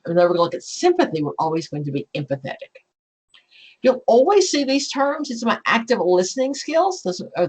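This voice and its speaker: Husky, chatty woman exam coach. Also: lowish voice, rough recording. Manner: chatty and animated, acts out client scenarios. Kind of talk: live online class lecture.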